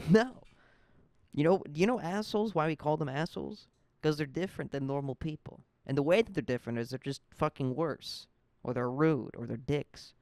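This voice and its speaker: Young male podcast host, gravelly, profane rambling rant, dry close sound. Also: on the high side, moderate pace, a little mellow, no room sound. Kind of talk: casual ranting monologue.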